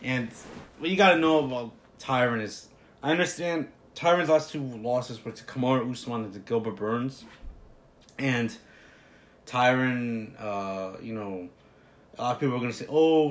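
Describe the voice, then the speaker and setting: A man's voice: mid-range voice, a bit bright. A man giving a casual, opinionated fight breakdown, rambling with many fillers and restarts. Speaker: MMA fight analyst.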